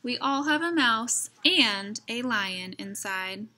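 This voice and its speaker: A woman reading a rhyming picture book aloud, gently, pausing to comment to her listeners. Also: on the high side, animated. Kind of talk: rhyming read-aloud narration with asides.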